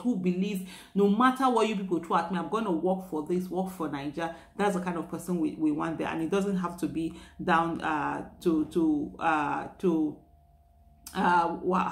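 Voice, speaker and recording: A Nigerian woman with a Nigerian accent, her voice sitting a little low, hosts a casual headline review. She speaks in a chatty, opinionated way, with plenty of fillers and restarts and the odd Pidgin phrase. The recording has a noticeably roomy echo. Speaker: newspaper review host. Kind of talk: casual spoken commentary on headlines.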